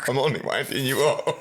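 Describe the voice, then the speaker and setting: A man's voice: mid-range voice, fairly bright tone, slightly rough. A man hosting a podcast interview in a casual, teasing way, joking and swearing freely. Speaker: podcast host.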